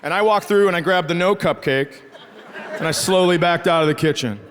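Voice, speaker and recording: A man's voice: fairly high pitch, a little fast. A middle-aged man from rural Minnesota doing a stand-up comedy set, telling profane, sarcastic stories about his family. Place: comedy stage before a live audience. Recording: live show with loud crowd laughter.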